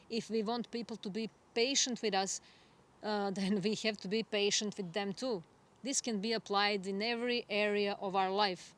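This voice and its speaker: A woman astrologer giving a spiritual forecast monologue, gentle and reflective, unhurried and earnest. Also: medium pitch. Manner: gentle, reflective, soft laughs.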